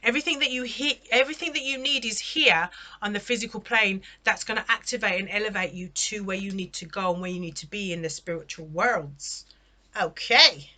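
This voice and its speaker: A woman's voice: mid-range voice, brisk, pushed and bright. A woman giving a casual spoken tarot reading, chatty and exclamatory, often checking in with the listener. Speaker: tarot reader.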